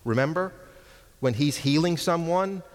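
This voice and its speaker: A man's voice: fairly high pitch, animated, a little slow, long reverb tail. A man preaching an expository sermon, teaching with emphatic stress on key words.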